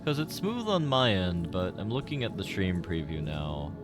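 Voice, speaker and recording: A man's voice: low voice, very animated, moderate pace, over music. A man streaming a game, rambling and joking with his chat in casual commentary. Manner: rambling, jokey, talks to chat.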